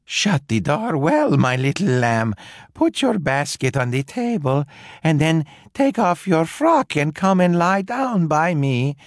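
A man voicing a sly, hungry male wolf who talks slowly and coaxingly. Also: very animated, dry recording, clean studio sound, full character voice. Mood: falsetto disguise. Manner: slow, low and coaxing.

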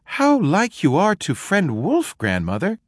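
A man voicing a sweet, innocent little girl in a high, chirpy voice. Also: huge pitch swings, unhurried, no room sound, clean studio sound, full character voice.

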